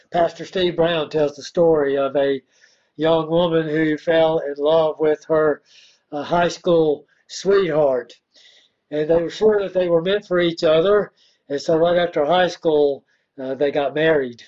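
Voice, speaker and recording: A male pastor with a slightly high voice prays and then tells a story with careful, drawn-out pacing. The recording sounds dull and lo-fi, like an old church tape. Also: steady tone, a little mellow. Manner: slow, deliberate storytelling with pauses. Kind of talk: sermon with prayer and storytelling.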